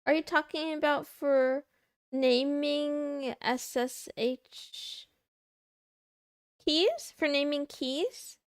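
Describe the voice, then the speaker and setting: Drawing out her words in a high voice, this young VTuber streamer talks casually with her chat in clean, studio-quality audio with no room sound. She comes across playful and slightly whiny, meowing and muttering under her breath.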